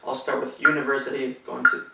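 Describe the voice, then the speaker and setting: A man's voice: mid-range voice, level tone, fairly quick, vocal fry, very noisy. A man giving a cello lesson, explaining rhythm step by step in a patient, methodical way with some fillers. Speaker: cello teacher. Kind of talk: instructional tutorial. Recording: echoey room, mic at a distance.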